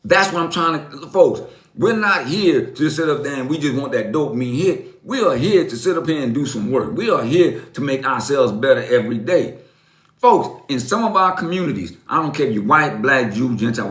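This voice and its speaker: A man's voice: medium pitch, expressive, normal speed, fairly bright tone, echoey room. A man in his fifties giving a motivational live-stream talk, preachy and emphatic, repeating lines and calling his viewers folks. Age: 50s.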